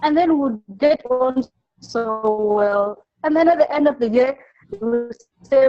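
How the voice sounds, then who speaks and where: A woman teacher speaks slowly and unhurriedly, in a fairly high voice, recalling her pupils in an interview. She stumbles and repeats words, then acts out the children she quotes. The recording is dry and dull, with faint music underneath. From Zimbabwe. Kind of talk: interview answer, telling classroom anecdotes.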